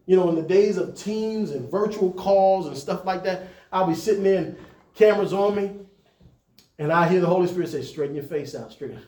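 A male pastor preaching to his leaders in an easy, conversational way, then pushing up into emphatic peaks. His voice sits high, and it rings in a reverberant church room. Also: normal speed, mellow.

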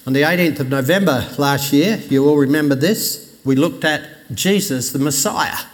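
A man preaching a Sunday sermon in a conversational way, lifting his voice for emphasis and dropping it low when he quotes scripture. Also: normal speed. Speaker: pastor. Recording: long reverb of a church hall.

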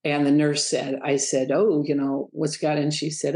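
A middle-aged woman speaks as a guest in an interview, her voice sitting a little low. She tells stories with animation and jumps up high when she mimics the people in them. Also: moderate pace. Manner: animated, acts out quoted voices in a high pitch. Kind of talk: storytelling interview talk.

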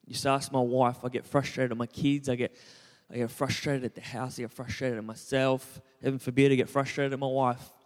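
A young pastor preaches conversationally, teasing himself and questioning the congregation. His medium-pitched voice shows little pitch movement and moves briskly with few pauses. A long reverb tail trails his words.

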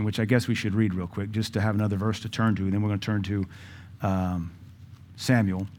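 Guy preaching, chatty storytelling, reads old-style bible verses. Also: medium pitch. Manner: quotes scripture in old English. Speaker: pastor. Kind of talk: sermon.

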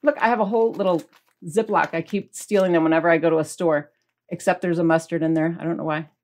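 A woman's voice: lowish voice, steady tone, quick pace, a little mellow. A woman hosting a diet podcast, chatting casually to viewers, asking them questions and holding up products as she talks, with playful mimicry of their reactions. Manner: chatty, asks the audience questions; holds up products while talking. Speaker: podcast host.

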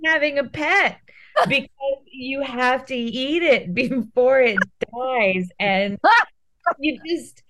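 A woman comedian chats as a podcast guest, spinning wry, comic stories. Her voice sits a little high. She takes her time, letting each line land. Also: takes it slowly, fairly bright tone. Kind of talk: casual podcast chat.

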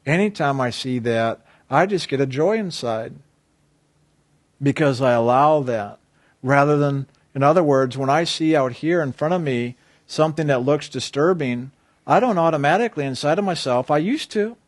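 A man's voice: on the high side, moderate pace, no echo. A man giving an earnest inspirational talk on a spiritual theme, often asking his listeners questions. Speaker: spiritual speaker.

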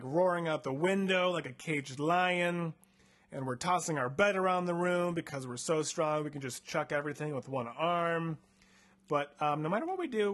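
Chatty young man with a higher voice. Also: a bit bright. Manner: chatty, full of "like" and "um" fillers, playful. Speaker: podcast host reading a choose-your-path book aloud. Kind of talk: casual comedic retelling of a story.

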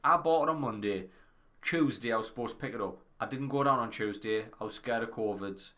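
A man, co-hosting a podcast and telling an animated, sweary anecdote in casual chat. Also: fairly low pitch, fairly quick. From Northern England. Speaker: podcast co-host.

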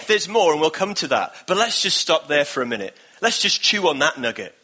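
A man's voice: a little high, sing-song, a little fast, few pauses, pushed and bright, husky. A man preaching a sermon as pastor, emphatic and repetitive, building in bursts.

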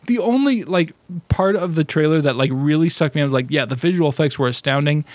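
Man, fairly high voice, blunt, swears a lot, dry close sound. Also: lively intonation, a little fast, a little mellow, no room sound. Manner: blunt, swears freely, laughs often. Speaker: podcast co-host. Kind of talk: casual chat.

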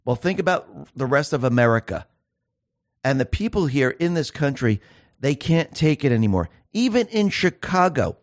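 A man's voice: mid-range voice, no room sound, clean studio sound. A man hosting a solo political commentary show, speaking emphatically and firing off sarcastic rhetorical questions.

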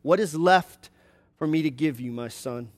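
A man's voice: fairly high pitch, measured pace, natural voice. A man reading as a solemn, frail old father. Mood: sorrowful.

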